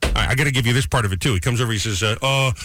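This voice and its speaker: A man's voice: medium pitch, rapid-fire, no echo, faint music behind. A man hosting a morning radio show, telling stories animatedly and acting out the dialogue. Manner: animated storyteller, acts out dialogue. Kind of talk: casual morning radio banter.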